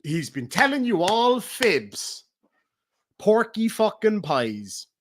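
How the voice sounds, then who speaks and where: A middle-aged Irish man ranting on a livestream, profane and taunting, swinging between loud outbursts and low mutters. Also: sing-song, slow. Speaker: streamer. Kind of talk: heated livestream rant.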